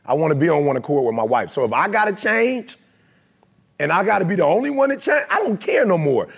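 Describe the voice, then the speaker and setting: Man, husky, raspy, emphatic motivational speaker, casual slang. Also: high-pitched, big pitch swings, fairly quick. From Detroit, USA. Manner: emphatic, conversational, streetwise slang. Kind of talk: motivational talk to a live audience.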